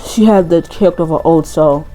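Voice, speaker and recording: A woman voicing a grieving, evasive adult male drama teacher, reading game dialogue aloud slowly in a put-on accent. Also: low voice, warm tone, slight background noise, voice pushed down, close to an everyday voice, low-quality recording. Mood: halting, sorrowful.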